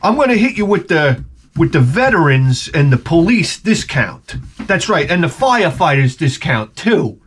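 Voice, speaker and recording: A man voicing a pushy, fast-talking male appliance salesman with wheedling hard-sell patter. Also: fairly high pitch, very animated, breathy edge.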